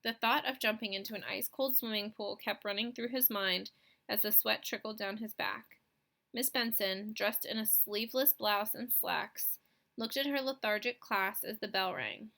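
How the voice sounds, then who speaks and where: A woman narrating a children's novel in a clear, expressive reading voice. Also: medium pitch, normal speed. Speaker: audiobook reader. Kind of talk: scripted storybook narration.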